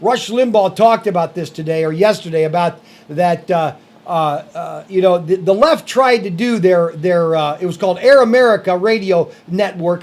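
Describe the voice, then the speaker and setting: A man's voice: sits high, normal speed, hardly any pauses, darkish tone. A man co-hosting a casual podcast chat, ranting in an opinionated way and often tagging on "okay?". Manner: ranting, repeats okay and good grief. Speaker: podcast co-host. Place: room with cigars.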